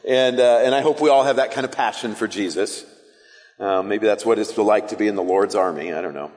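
A young man preaching a sermon as pastor, animated and casual, acting out the disciples' voices as he tells the story. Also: lowish voice, a little fast, in a large hall.

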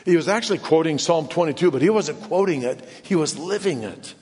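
A man preaching a sermon in an earnest way, often dropping to hushed low tones for emphasis. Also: lively intonation, fairly quick, breathy edge. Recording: long hall reverb.

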